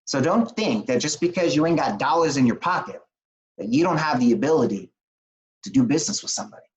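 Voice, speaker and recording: A man as an interview guest, telling a motivational story in an animated, plain-spoken way with quick restarts. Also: fairly high pitch, lo-fi sound. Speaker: interview guest, business coach.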